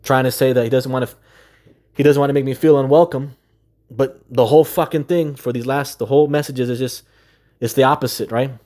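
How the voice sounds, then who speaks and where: A man's voice: mid-range voice, a little mellow. Aggrieved man ranting with profanity. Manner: profane, repetitive rhetorical questions; aggrieved, exasperated. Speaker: gaming video creator. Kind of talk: ranting monologue to camera.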